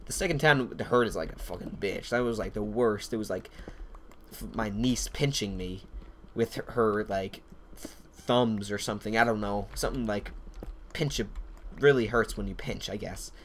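This gameplay commentator has a fairly low-pitched voice and talks at a normal speed, with slight background noise. His let's-play chatter is casual and profane, drifting into off-topic stories.

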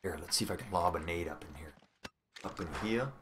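A Canadian man commentating a video game live, excitable and swearing often. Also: deep voice, racing, noisy background. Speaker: let's play streamer. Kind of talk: casual gameplay commentary.

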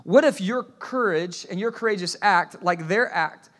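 Male pastor, sermon delivery, high bright voice, animated storyteller with frequent restarts. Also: a little slow. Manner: asks the congregation to repeat phrases.

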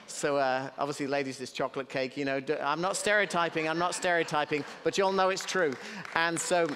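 A British man in his fifties preaches a sermon, mixing scripture with light, joking asides. His voice sits a little high for a man. It carries on a stage mic with a long reverb trailing through a large church hall. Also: steady tone, a little fast, pushed and bright, slight background noise. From Britain. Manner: conversational preaching with humorous asides. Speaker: pastor.

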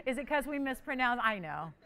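Bubbly lady running a live jewelry auction on tv, high bright voice, jumps all over the place. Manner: bubbly, chatty, teasing with crew. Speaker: jewelry shopping host. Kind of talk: live TV shopping auction patter.

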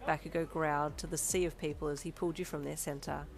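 A woman's voice: low voice, fairly even intonation, quick pace, few pauses. A woman narrating fan fiction in second person, with an upbeat, chatty manner. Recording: faint background music.

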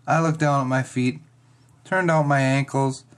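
A reader narrating a first-person children's chapter book, expressive and dramatic. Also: mid-range voice, measured pace. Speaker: audiobook reader.

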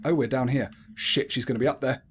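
A man's voice: mid-range voice, steady tone, fast talker, a little hiss or hum. Jumpy man narrating a horror game. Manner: jumpy, swears, talks to himself while playing. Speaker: gaming video creator.

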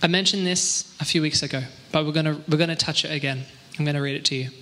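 Man, church teacher, casual and joking, bright forceful tone, slightly higher pitch. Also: fast, long reverb tail, a little hiss or hum. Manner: relaxed, joking, reads scripture aloud. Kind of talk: casual Bible teaching discussion.

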